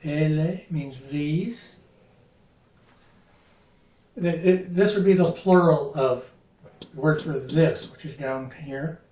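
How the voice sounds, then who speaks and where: A man's voice: a little high, dark tone. A man teaching a Hebrew vocabulary lesson, patiently giving each word, its meaning and where the stress falls. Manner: slow, patient, spells out words and stresses. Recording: roomy sound from a distant mic.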